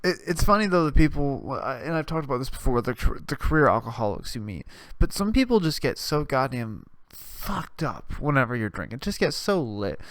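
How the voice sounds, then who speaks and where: A young man hosting a podcast, telling rambling, profane stories in a casual monologue with lively voiced retellings. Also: mid-range voice, normal speed, dry recording, clean studio sound. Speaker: podcast host.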